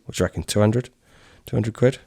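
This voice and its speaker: A man's voice: lowish voice, fast, vocal fry, mellow, no echo. Chatty man, dry close sound. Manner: chatty, jokey, many restarts. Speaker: podcast co-host. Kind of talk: casual podcast chat.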